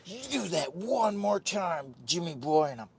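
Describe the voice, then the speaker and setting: A man's voice: on the high side, big pitch swings, unhurried, gravelly, crowd noise, voice pushed up, full character voice. A man voicing a stern older man who scolds and threatens. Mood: scolding.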